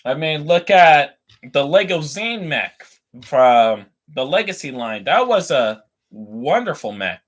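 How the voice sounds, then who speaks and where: Slow-talking, high-voiced young man ranting. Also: very animated. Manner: rambling, ranting, reads chat aloud. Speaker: livestream host building toy models. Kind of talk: casual livestream chat.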